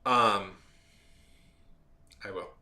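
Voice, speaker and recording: A man's voice: fairly low pitch, very slow, sharp tone, reverberant. A man who works as a videographer tells a story in a casual, rambling rant, with many restarts and free swearing. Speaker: videographer and editor.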